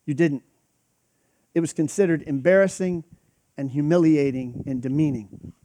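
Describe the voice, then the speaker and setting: A man's voice: fairly high pitch, normal speed, long pauses, mellow, dry recording. A man preaching a sermon in a conversational, emphatic way, acting out quoted reactions. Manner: conversational, emphatic, with frequent restarts and quoted asides.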